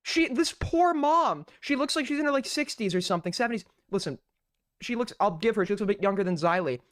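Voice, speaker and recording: A man's voice: high-pitched, expressive, quick pace, no room sound. A man hosting a live stream, mocking what he watches in profane, ranting commentary. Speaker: streamer host.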